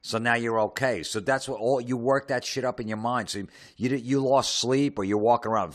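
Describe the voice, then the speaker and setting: A man's voice: medium pitch, a little fast, few pauses. A man delivering a profane, sarcastic comedic rant, mocking people in put-on voices. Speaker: comedian ranting.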